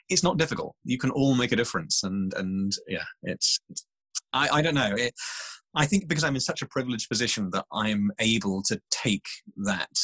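Guy chatting on a podcast, kinda husky, lots of stop-start restarts. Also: fairly low pitch, dry recording, poor audio. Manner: animated storytelling, many restarts. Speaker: scientist guest. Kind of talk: casual interview chat.

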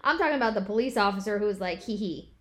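A woman's voice: mid-range voice, lively intonation, rapid-fire, fairly bright tone. A woman in her thirties co-hosting a casual podcast chat, throwing in dry, sarcastic quips. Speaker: podcast co-host.

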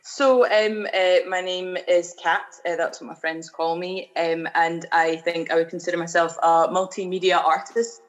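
A young woman from Glasgow with a low-pitched voice, a guest on a podcast interview. She talks loosely and chattily, with easy fillers and restarts. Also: little pitch movement, moderate pace, few pauses, low-quality recording. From Glasgow, Scotland. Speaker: guest artist.

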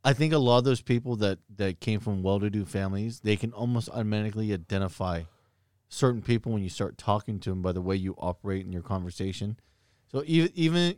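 Earnest low-voiced man, thinking aloud. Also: darkish tone, dry recording, studio quality. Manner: earnest, reflective, repeats words as he thinks. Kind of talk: casual chat.

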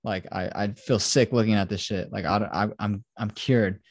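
A man's voice: fairly low pitch, normal speed, no room sound, clean studio sound. A man hosting a podcast, casually retelling a film plot, acting out quotes and swearing freely. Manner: casual, profane, acts out quotes. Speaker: podcast host.

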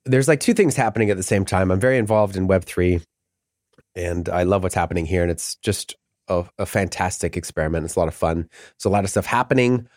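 A man's voice: low-pitched, fairly quick, a little mellow, no room sound, studio quality. A middle-aged man talking as a podcast guest in casual, rambling chat, often laughing mid-sentence.

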